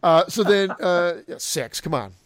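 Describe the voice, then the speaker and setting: A man co-hosting a casual podcast, rambling loosely with fillers and bursts of laughter. His voice sits somewhat high for a man. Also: animated, unhurried, clean tone. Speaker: podcast co-host. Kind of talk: casual chat.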